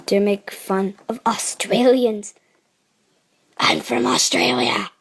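A woman's voice: medium pitch, fairly even intonation, slow pace, vocal fry, breathy edge. A woman chatting casually in a reaction video, reading titles aloud in a playful way.

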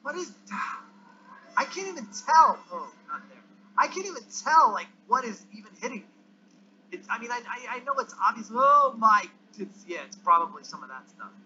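A male gamer giving excitable commentary as he plays, yelping and groaning at the game. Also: extremely high pitch, normal speed. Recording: dull lo-fi recording with faint hiss.

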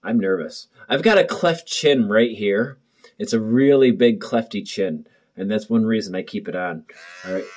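In a casual talk to camera, a young man vlogs from his bathroom at home, jokey, nervous and rambling. He has a lowish, darkish-toned voice and keeps a moderate pace. The audio is muffled, coming from the camera's built-in mic.

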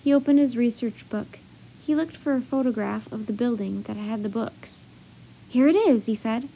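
A woman storyteller reading a children's chapter book aloud with steady, expressive narration. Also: a little high, moderate pace, creaky, slight background noise.

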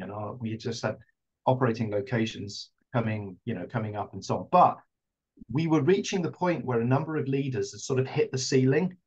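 Husky-voiced man on lo-fi call audio. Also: medium pitch, a little mellow. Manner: earnest storytelling with hedging fillers. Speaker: round table guest. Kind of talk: reflective panel discussion.

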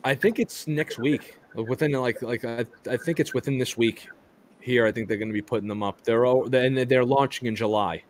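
A man's voice: medium pitch, moderate pace. A man hosting a live toy chat stream, talking casually with lots of restarts and stumbles and some casual swearing.

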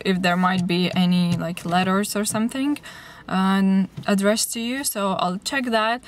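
A young woman from Lithuania, a native Lithuanian speaker, chatting casually to her vlog camera with lots of fillers. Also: mid-range voice. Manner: chatty storytelling with many fillers. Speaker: vlogger.

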